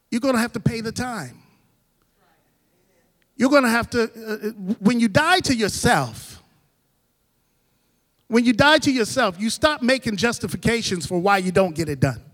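Man, pastor, high voice, preaching cadence, loud-to-soft swings, long church reverb. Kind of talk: sermon. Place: church sanctuary.

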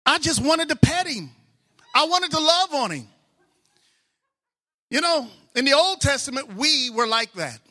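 A married man preaching a sermon, excitable, swinging from soft asides to loud exclamations. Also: extremely high pitch, unhurried, pauses often. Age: adult, married with children.

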